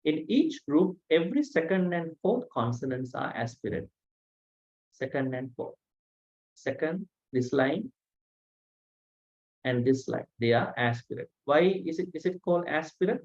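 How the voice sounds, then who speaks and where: A man teaching a language lesson online, saying each sound slowly and patiently, with frequent pauses. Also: a little high, lively intonation, a little mellow. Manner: slow, patient, pronounces sounds one by one with many "uh" pauses. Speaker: Pali teacher. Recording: dull lo-fi audio.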